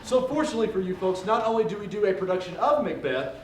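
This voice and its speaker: High-pitched hammy man on a theater stage. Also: lively intonation, quick pace, very noisy. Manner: hammy, campy stage delivery with mock accents. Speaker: stage comedian. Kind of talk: live stage comedy. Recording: live theater recording, roomy and distant with loud audience.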